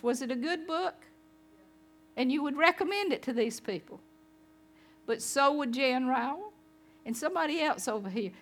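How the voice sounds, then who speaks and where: A woman pastor giving a conversational sermon, chatting with her congregation. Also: high voice.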